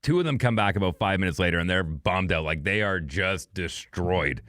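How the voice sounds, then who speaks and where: Middle-aged male podcast host, low voice, dry close mic, chatty anecdote teller who slips into quick impressions. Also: no room sound. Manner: animated storyteller, acts out quoted voices. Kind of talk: casual storytelling chat.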